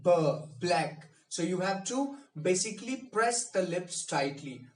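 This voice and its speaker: A man speech coach giving a pronunciation lesson, repeating and drilling each word with deliberate emphasis. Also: high voice, lively intonation, distant mic. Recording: echoey room, mic set back.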